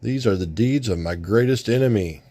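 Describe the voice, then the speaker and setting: A man's voice: on the low side, moderate pace, mellow, a little hiss or hum, close to an everyday voice. A man voicing a noble male sun warrior from a comic, declaiming in stiff, formal lines. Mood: earnest.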